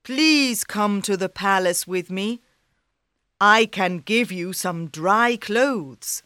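A woman's voice: mid-range voice, slow, pushed and bright, smooth, dry recording, clean studio sound. A woman voicing a kind, polite king in a storybook, formal and gracious. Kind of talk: storybook reading.

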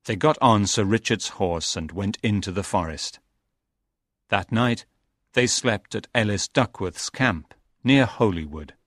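Low-voiced guy reading a storybook very slowly, dry sound. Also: fairly bright tone, no echo. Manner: slow and deliberate. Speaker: narrator. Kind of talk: scripted storybook narration.

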